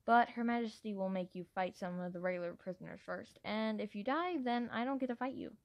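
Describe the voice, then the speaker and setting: A woman's voice: medium pitch, a little fast, dry recording, lightly acted. Peril, a woman voicing an eager dragon girl. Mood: cheerful. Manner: chirpy, matter-of-fact. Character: young female dragon champion, eager and blunt. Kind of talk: amateur audiobook character voice.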